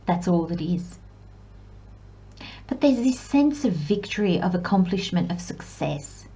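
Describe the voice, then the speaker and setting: A woman giving a pick-a-card tarot reading who speaks to viewers as piles, reflective and gently encouraging, with self-deprecating asides. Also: medium pitch, breathy edge, lo-fi sound. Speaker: tarot reader.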